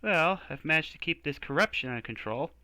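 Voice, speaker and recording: A blunt, exasperated temple knight from a fantasy game, fed up with rules, his bright voice swinging high and low, as a streamer acts him out. It is recorded dry and close. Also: expressive, a little fast, no echo, rough recording. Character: frustrated male temple knight, gruff and blunt. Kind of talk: reading game dialogue aloud.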